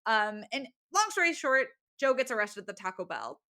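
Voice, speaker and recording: A woman's voice: fairly high pitch, big pitch swings, moderate pace, bright, forceful tone. A young woman co-hosting a podcast, recapping a book in a bubbly, chatty way with lots of fillers. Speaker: podcast co-host. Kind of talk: casual book-recap chat.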